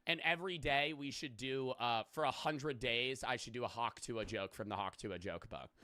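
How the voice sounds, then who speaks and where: A man's voice: fairly low pitch, a bit bright, dry recording. A young man in casual live-stream reaction chat who rambles, jokes and swears freely.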